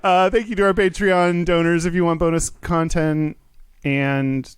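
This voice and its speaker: Jokey man with a higher voice. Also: steady tone, a little slow, clear, resonant tone, dry recording, studio quality. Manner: jokey, laughs often. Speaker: podcast co-host. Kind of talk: casual podcast banter.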